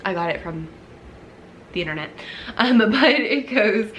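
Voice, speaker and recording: A woman's voice: mid-range voice, big pitch swings, normal speed, fairly bright tone, highs cut off, slight background noise. Woman music teacher chatting about lessons. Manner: acts out classroom dialogue, drops to whispers, sings snippets. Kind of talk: casual teaching vlog.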